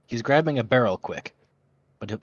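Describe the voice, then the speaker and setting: A man's voice: mid-range voice, lively intonation, normal speed, no echo, lo-fi sound. A man playing a tabletop game, casually describing his character's actions in the third person. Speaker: player.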